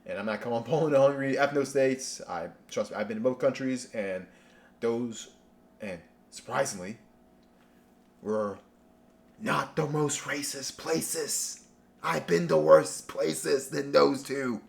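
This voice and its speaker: A man's voice: medium pitch, unhurried, gravelly. A man hosting a casual reaction rant, sarcastic and rambling, with lots of restarts. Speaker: commentary channel host.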